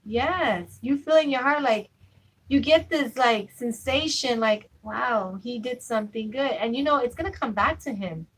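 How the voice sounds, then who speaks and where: A woman's voice: high voice, animated, unhurried, breathy edge, rough recording. A young adult woman chatting casually with viewers on a live stream, full of fillers and asides. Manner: chatty, fillers like "you know what I'm saying".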